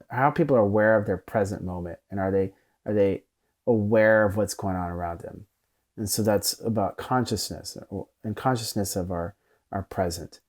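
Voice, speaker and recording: A man's voice: lowish voice, darkish tone. A man, a therapist, giving an unscripted lecture in a conversational, thoughtful way, often restarting his sentences.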